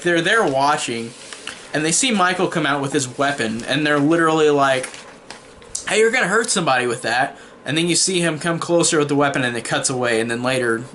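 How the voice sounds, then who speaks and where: A man with a medium-pitched, pushed, bright voice gives a casual, rambling horror-film review full of spoilers. He swears freely, says "like" constantly and keeps restarting his sentences. A faint hiss or hum sits under the recording.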